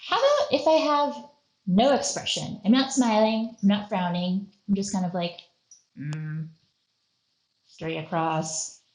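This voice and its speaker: A woman's voice: mid-range voice, lively intonation, moderate pace, a little mellow, reverberant, low-quality recording. A woman leading a playful art lesson for children, acting out faces and little voices as she goes. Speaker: museum educator.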